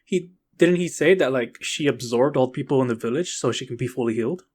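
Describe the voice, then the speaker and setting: A man's voice: medium pitch, quick pace, darkish tone. Chatty man acting out show scenes. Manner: loose, chatty, acts out characters' lines. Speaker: podcast co-host. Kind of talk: casual reaction chat.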